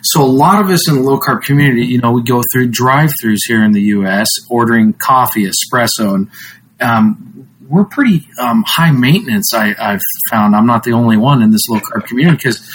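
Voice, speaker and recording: Brief male guest from the US, rambling casual talk, mid-pitched voice, faint noise behind. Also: animated, brisk, poor audio. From United States. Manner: rambling, laughs often, many fillers. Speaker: podcast guest.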